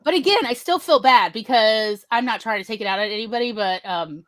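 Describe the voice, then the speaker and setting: A woman hosting a casual talk show, telling a personal story in a lively way and acting out other people's lines in shifting voices. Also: fairly high pitch, brisk, dry recording. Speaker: podcast host telling a story.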